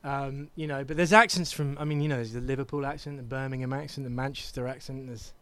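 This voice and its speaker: A guest singer from southern England, in his thirties, speaks fast in a clean, medium-pitched voice with no echo. His casual interview chat is relaxed yet hesitant, peppered with ums.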